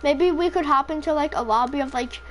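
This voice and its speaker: A woman's voice: sits high, a little fast, a little hiss or hum. A woman casually commentating her own gameplay, rambling, swearing freely and joking about how tired she is. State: tired, throat feels off.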